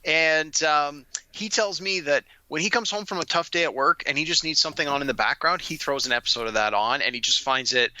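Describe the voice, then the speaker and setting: A man's voice: a little high, a little fast, hardly any pauses, sharp tone, no echo, rough recording. A man co-hosting a podcast, chatting with a dry, wry skeptical manner. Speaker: podcast co-host. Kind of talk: casual chat.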